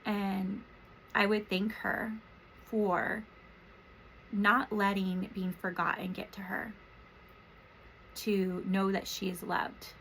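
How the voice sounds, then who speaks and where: A woman in her thirties, a therapist and podcast host from Washington State, speaking softly and emotionally in a rambling, reflective personal monologue. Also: mid-range voice, little pitch movement, slow, long pauses, slight background noise, rough recording. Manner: soft, emotional, rambling with many fillers.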